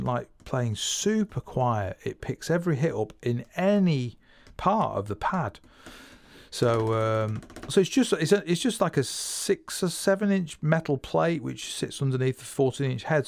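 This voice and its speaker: A man's voice: mid-range voice, vocal fry. A man hosting a casual spoken drumming lesson, rambling and correcting himself as he explains. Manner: rambling, restarts phrases and self-corrects; counts beats and vocalizes drum patterns. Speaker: drum teacher and podcast host.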